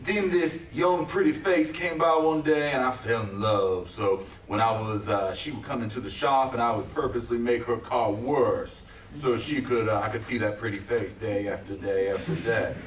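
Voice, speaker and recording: An actor playing a flirtatious, creepy middle-aged stranger with a Southern drawl in a staged play reading, recorded from across a theatre. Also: male voice, medium pitch, steady tone, normal speed, slight background noise, lightly acted. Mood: sweet-talking. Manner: drawling, calls her sugar and darling. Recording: roomy theatre, mic far off.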